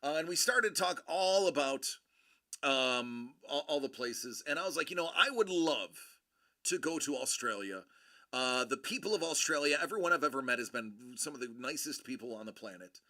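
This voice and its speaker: A man's voice: medium pitch, expressive, normal speed, sharp tone. A middle-aged man hosting a casual collectibles show, rambling and joking as he tells stories with many restarts. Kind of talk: casual chat.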